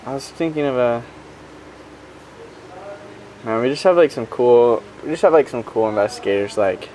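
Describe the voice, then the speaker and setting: A man's voice: medium pitch, lively intonation, moderate pace, a little mellow, slight background noise. Young man in his twenties, missionary, chatty and upbeat, full of fillers. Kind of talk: casual video update.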